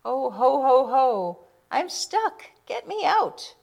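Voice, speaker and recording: A woman voicing Santa, a jolly old man in a storybook, with a booming chuckle. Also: sing-song, slow pace, creaky, a little mellow, exaggerated voice.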